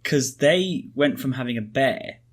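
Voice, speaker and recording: A husky-voiced man talks in a loose, rambling way, joking and restarting his sentences as a podcast co-host. His pitch sits in the middle of the range. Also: animated, measured pace. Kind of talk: casual chat.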